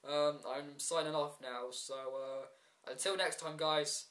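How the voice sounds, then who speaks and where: A man's voice: fairly high pitch, fairly even intonation, slow, a bit bright. A man giving a casual solo review vlog, frustrated and ranting, with many ums and restarts and sarcastic asides. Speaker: wrestling show reviewer.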